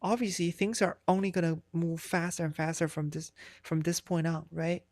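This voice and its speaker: A woman's voice: lowish voice, steady tone, normal speed, darkish tone, dry recording, studio quality. Rambling, profane woman streamer. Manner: rambling, profane, many fillers and restarts. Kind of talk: casual live-stream chat.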